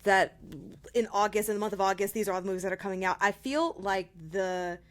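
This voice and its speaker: A woman's voice: medium pitch, brisk. A woman co-hosting a horror podcast, chatting casually and enthusiastically, laughing often. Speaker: podcast co-host. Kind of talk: casual chat.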